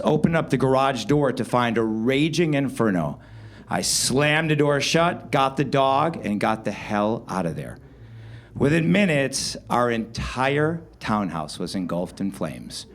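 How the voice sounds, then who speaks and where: A man telling a comic true story live on stage, wry and animated, with sudden loud outbursts. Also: mid-range voice. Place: live show venue.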